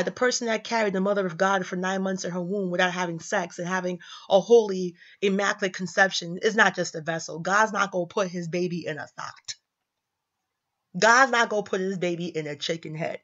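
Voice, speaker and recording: A young woman giving casual religious commentary, emphatic and slangy, repeating lines for effect. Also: mid-range voice. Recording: slightly dull lo-fi audio.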